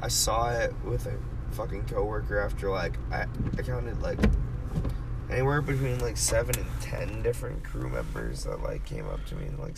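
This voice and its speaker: Gravelly young man telling a rambling story. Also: lowish voice. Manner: swears a lot, rambling storyteller. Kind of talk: casual chat. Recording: distant mic with faint background noise.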